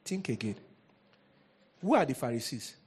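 A man preaching a sermon as a pastor, lively and rhetorical, often asking the congregation questions. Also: mid-range voice, moderate pace, breathy edge.

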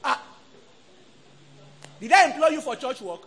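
At normal speed and in a high voice, a middle-aged man with a Nigerian accent delivers a sermon. The pastor is animated, guiding call-and-response with his congregation and voicing the people he quotes.

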